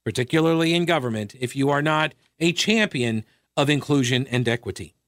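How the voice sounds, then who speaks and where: A man's voice: animated, brisk, a bit bright, dry recording, clean studio sound. A man hosting a radio talk show, delivering a sarcastic solo monologue with mocking asides. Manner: sarcastic, mocking asides, wide pitch swings.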